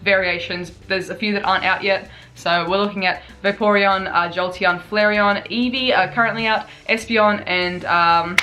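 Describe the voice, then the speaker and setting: A young woman chatting excitedly through gaming news on her vlog, tired after many hours awake. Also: mid-range voice, moderate pace, few pauses. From Australia. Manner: bubbly, excitable, chatty with fillers. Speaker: gaming YouTuber.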